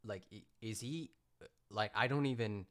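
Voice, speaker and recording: A man's voice: fairly low pitch, normal speed, a bit bright. A man live-streaming his commentary on a clip, sounding incredulous and sarcastic.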